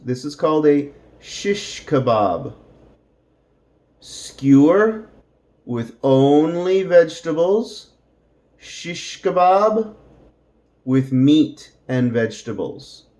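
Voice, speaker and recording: A middle-aged man with a highish, dark-toned voice teaches English slowly to Spanish speakers. He repeats each word and adds Spanish glosses.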